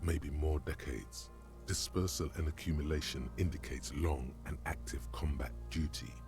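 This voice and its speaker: A gravelly, rumbling game narrator. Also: male voice, unhurried, music in the background, full character voice. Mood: grim. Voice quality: gravelly, very deep. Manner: grim, clinical description. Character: gruff male inner-voice narrator of a detective game. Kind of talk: game voice acting.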